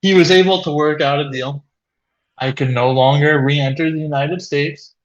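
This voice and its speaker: A man co-hosting a comedy video, telling an absurd confession with mock seriousness, often laughing and shouting out quoted lines. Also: on the high side, steady tone, moderate pace, highs cut off. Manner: laughing through absurd confessions, breaking into loud acted quotes. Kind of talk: deadpan mock apology, improvised comedy. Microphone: video call.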